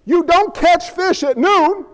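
A man's voice: very high voice, slow pace, a bit bright, highs cut off, voice pushed up, full character voice. A man voicing a fishing crew that doubts their boss's orders but goes along. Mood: skeptical. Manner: skeptical, grudging. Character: doubtful male fishing crew grumbling at the boss.

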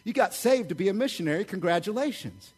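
A husky-voiced pastor, pitched high for a man, talks fast through a lively sermon. His energy runs hot, but he stays conversational and keeps checking in with the people in the pews.

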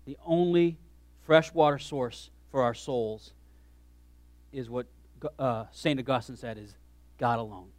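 A man preaching a sermon as pastor, animated, swinging from hushed asides to shouted lines. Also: mid-range voice, measured pace, pauses often, no room sound.

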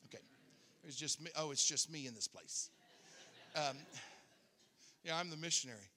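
A man's voice: fairly high pitch, normal speed, sharp tone. A man preaching a storytelling sermon in a conversational way, often repeating words as he starts a thought. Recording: echoey hall reverb.

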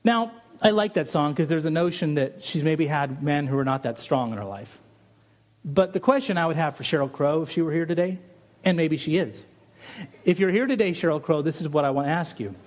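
A middle-aged man preaching a sermon as pastor, animated and lively, his voice rising on rhetorical questions. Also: on the high side, brisk.

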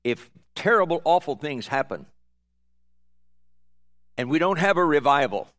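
A man, a pastor, ending a sermon with calm, measured exhortation to the congregation. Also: fairly high pitch, no room sound.

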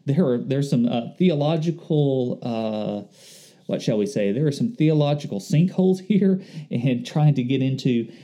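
Earnest man preaching with a warm, mellow voice. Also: fairly high pitch, muffled recording. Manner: earnest, conversational, reflective. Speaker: pastor. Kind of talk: sermon.

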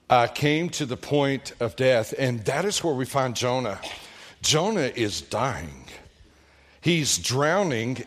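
A man preaching a sermon as pastor, emphatic, his pitch swinging up and down with each point.

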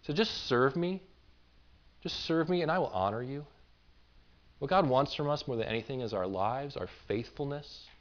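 A man's voice: mid-range voice, expressive, normal speed, long pauses, dull audio. A man pastoring a church, preaching a conversational sermon in an earnest, informal way and often repeating words as he builds a point.

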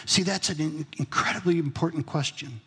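A man's voice: on the high side, a little fast, fairly bright tone, husky, big-room sound. A man preaching a sermon as pastor, in a conversational way, asking his congregation questions. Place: church sanctuary.

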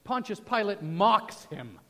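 A male pastor preaching a sermon, moving from loud proclamation to soft, hushed passages. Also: high-pitched, sing-song, takes it slowly, gravelly. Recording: long hall reverb.

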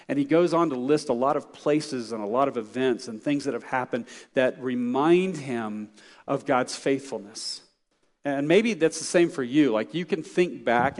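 A middle-aged man preaching a sermon as pastor, conversational and anecdotal, with frequent fillers and restarts. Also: medium pitch. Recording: long hall reverb.

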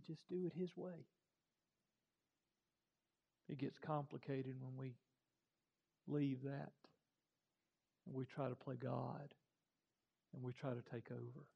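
A man preaching a sermon that moves into prayer, impassioned and swinging between loud and hushed. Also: medium pitch, steady tone, slow, vocal fry, long pauses, slightly rough, dull audio. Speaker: pastor. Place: church.

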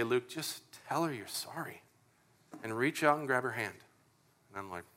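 A middle-aged man preaching a sermon in a conversational, animated way, acting out prayers and dialogue. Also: medium pitch. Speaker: pastor.

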